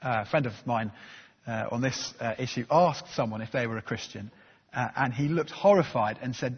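A man's voice: medium pitch, fairly quick, husky. A man preaching a sermon in a conversational, self-deprecating way, with many fillers. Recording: dull sound with long reverb.

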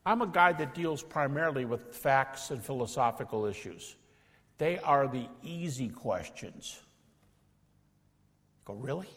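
A middle-aged man teaching a lecture to an audience, acting out dialogues with doubters in an animated way. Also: mid-range voice, unhurried, long pauses, long reverb tail. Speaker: speaker teaching apologetics.

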